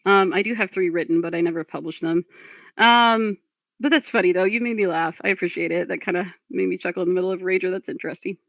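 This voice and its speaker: A woman's voice: on the low side, fast talker, creaky, no echo, highs cut off. A woman streamer commenting on a clip, blunt and profane, lecturing her chat.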